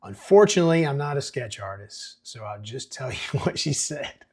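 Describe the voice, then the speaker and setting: A man's voice: medium pitch, expressive, normal speed, breathy edge. A man reading the lines of an earnest, nervous deputy giving a worried report.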